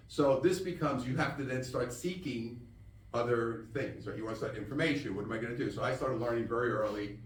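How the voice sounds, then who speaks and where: A man's voice: mid-range voice, fairly quick. Older man, live talk, storytelling, chatty, laughs a lot, echoey room, heard from a distance. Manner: casual, storytelling, animated with laughs and acted-out quotes. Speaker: spiritual teacher giving a live talk. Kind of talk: live presentation to an audience. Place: room with an audience. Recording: roomy echo, mic at a distance.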